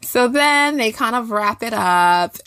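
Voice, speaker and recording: A woman co-hosting a casual chat show, recapping a TV episode in a blunt, profane, lively way. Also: a little high, slow, clear, resonant tone, no room sound. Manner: blunt, profane, animated storytelling. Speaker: podcast co-host.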